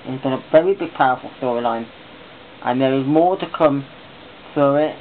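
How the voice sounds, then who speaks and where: A man's voice: medium pitch, moderate pace. A man chatting casually in a vlog, rambling and enthusiastic as he talks on. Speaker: vlogger. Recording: tinny phone-like sound with faint hiss.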